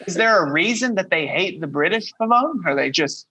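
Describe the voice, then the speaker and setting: A man co-hosting a podcast, easygoing in casual chat and quick to tell an anecdote. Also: sits high, animated, sharp tone, breathy edge, rough recording. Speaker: podcast host.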